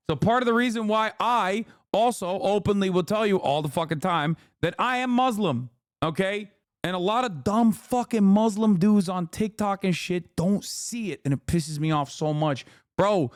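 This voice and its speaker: A man's voice: sits high, dry recording, clean studio sound. A man in his thirties ranting angrily and profanely while reacting on a livestream. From Turkey. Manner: angry, profane, emphatic. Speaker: streamer reacting to videos. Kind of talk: heated livestream rant.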